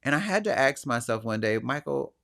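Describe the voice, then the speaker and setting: A man in the middle of his range hosts his podcast and reflects out loud on his own emotions. He speaks earnestly and in a searching, self-questioning way. Now and then he acts out other people's voices with animation. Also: medium pitch, sing-song, a little fast, creaky. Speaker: podcast host. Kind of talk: personal reflective monologue.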